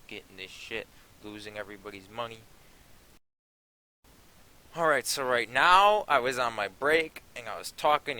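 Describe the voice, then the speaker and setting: A young man talks over his own video footage in a loose, rambling way, swearing often and wandering from point to point. His voice is very bright and a little low in pitch, with a faint hiss behind it. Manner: profane, rambling and offhand. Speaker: vlogger. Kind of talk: casual vlog narration.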